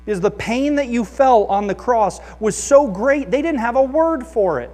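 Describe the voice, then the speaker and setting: Pastor, man, high-pitched, earnest sermon delivery with acted-out quotes, long hall reverb. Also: expressive, normal speed, a little mellow. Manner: earnest, reads scripture aloud and acts out quoted voices.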